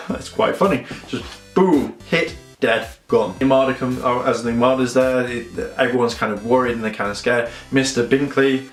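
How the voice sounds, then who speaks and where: A man's voice: medium pitch, normal speed. A man giving a casual, rambling and sarcastic episode review. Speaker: fan reviewer. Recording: roomy echo, faint music behind.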